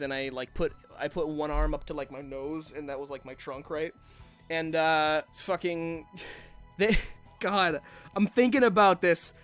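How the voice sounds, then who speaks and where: A man's voice: fairly high pitch, fairly bright tone. Rambling, sweary young man ranting. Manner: rambling, sweary, self-mocking. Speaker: vlogger. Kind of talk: casual storytime rant.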